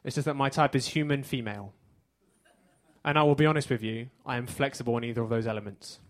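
Dry English stand-up comedian. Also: male voice, mid-range voice, quick pace. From England. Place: theater stage.

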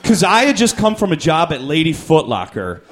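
A man's voice: on the high side, huge pitch swings, moderate pace, a little hiss or hum. Rambling stand-up comedian man. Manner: rambling, self-deprecating delivery with restarts. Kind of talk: stand-up storytelling.

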